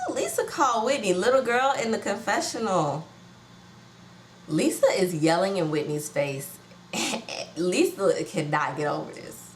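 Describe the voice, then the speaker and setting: A slightly low-voiced woman chats through a reality show recap in a gossipy, animated way, slipping into slang and outrage. Her voice bounces around an echoey room with a faint hum of ambience behind it. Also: unhurried. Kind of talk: casual watch-along commentary.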